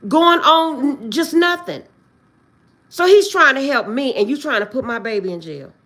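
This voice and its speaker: A woman ranting on a livestream, close to tears and swinging between outbursts and quiet prayers. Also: sits high, lively intonation, measured pace. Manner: agitated, swings between shouting and tearful prayer. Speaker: livestream host. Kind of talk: emotional livestream rant.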